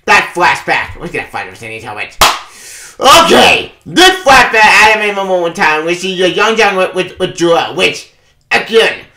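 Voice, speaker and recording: Excitable cursing man reviewing comics. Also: high voice, normal speed, echoey room. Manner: excitable, swears a lot, laughs often. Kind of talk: casual spoken review.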